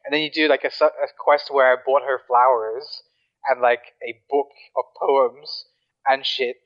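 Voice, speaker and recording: A man's voice: mid-range voice, steady tone, moderate pace, a bit bright, dull audio. A man chatting casually about games, rambling with lots of fillers and restarts. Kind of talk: casual chat.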